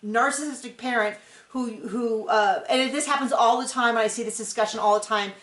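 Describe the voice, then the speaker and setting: An echoey room holds this reality-TV recap host, whose voice sits on the high side and is a bit bright. She talks a little fast, chatty and opinionated, rambling along with lots of fillers.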